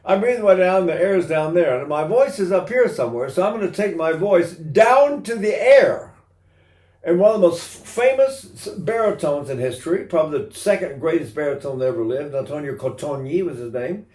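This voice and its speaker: An older man teaches singing in an animated way, now and then breaking into a sung vowel or a laugh to make his point. His speaking voice sits a bit high for a man. The room around him rings with a noticeable echo. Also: normal speed. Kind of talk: singing lesson with sung examples. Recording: roomy echo.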